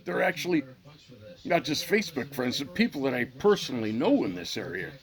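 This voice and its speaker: A man's voice: mid-range voice, sing-song, fairly quick. A middle-aged man hosting his own channel, in a heated, profane, unscripted rant to the camera that repeats itself as he goes. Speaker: channel host.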